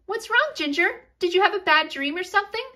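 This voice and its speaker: A woman voicing a kind young twin girl who speaks gently and coaxingly. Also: extremely high pitch, expressive, a little fast, voice pushed up, full character voice. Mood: caring.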